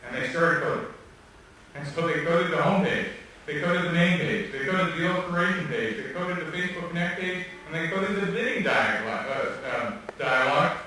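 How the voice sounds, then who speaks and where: A man giving an animated, joking lecture, telling stories and laughing often, recorded from far off in a hall. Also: on the high side, normal speed, a little hiss or hum. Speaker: guest speaker. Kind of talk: lively lecture storytelling.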